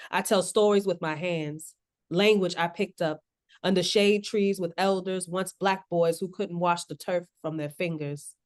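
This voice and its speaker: A woman poet from South Florida, chatting in an interview, laughing often, and reading her poem with a rhythmic spoken-word cadence. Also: on the low side. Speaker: poet guest. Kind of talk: interview chat and poetry reading.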